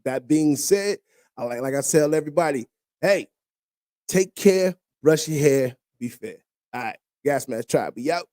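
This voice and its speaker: A man's voice: fairly high pitch, lively intonation, measured pace, a little mellow, dry recording, studio quality. A man hosting a podcast, giving casual advice and joking around in loose, street-style talk. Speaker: podcast host. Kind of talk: casual chat.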